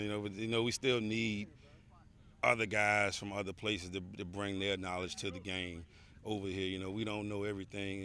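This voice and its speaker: A head football coach with a somewhat low voice speaks in an outdoor interview at a practice field. He talks earnestly, restarting phrases and leaning on "you know.". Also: a bit bright. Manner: earnest, repeats words and says "you know" often.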